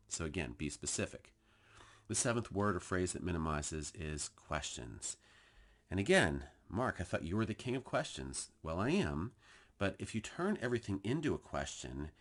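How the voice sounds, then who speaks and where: A man with a low voice teaches workplace communication. His pitch rises and falls a lot as he acts out example phrases. He speaks like a trainer leading a recorded session. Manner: lively, emphatic delivery that acts out example phrases.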